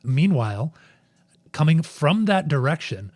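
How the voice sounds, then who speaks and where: A man's voice: fairly high pitch, sing-song, measured pace, a little mellow, no echo. A man narrating as game master in a tabletop game, rambling and searching for words.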